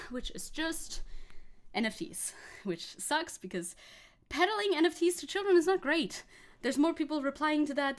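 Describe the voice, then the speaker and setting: A woman's voice: sits high, fairly bright tone. A woman streamer in casual livestream chat, out of breath and laughing often.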